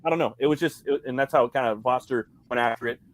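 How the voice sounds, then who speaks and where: A man's voice: medium pitch, fast, no echo. A man co-hosting a casual movie chat, rambling and swearing a lot, with frequent "you know what I mean". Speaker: co-host. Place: convention livestream.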